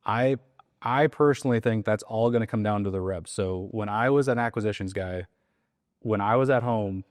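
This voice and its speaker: Animated, lower-voiced man coaching sales. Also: normal speed, no room sound, studio quality. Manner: animated, acts out soft and loud sales calls. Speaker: sales trainer. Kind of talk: conversational coaching interview.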